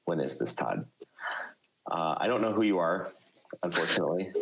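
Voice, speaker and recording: A man with a Chicago accent hosting a casual live podcast chat, talking haltingly with many fillers and restarts. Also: deep voice, animated, vocal fry, a bit bright, rough recording. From United States. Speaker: podcast host.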